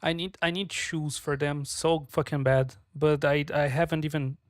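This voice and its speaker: Cranky streamer cussing and muttering while they work, mid pitch, dead dry sound. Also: little pitch movement, moderate pace, no echo. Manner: frustrated, swears a lot, mutters to self. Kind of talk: casual live-stream commentary while working.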